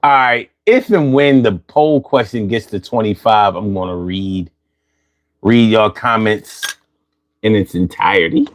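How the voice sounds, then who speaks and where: A man's voice: fairly low pitch, unhurried. Chatty slangy man riffing on a stream. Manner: loose, chatty, repeats phrases, slangy. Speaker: livestream host reading chat. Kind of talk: casual livestream chat.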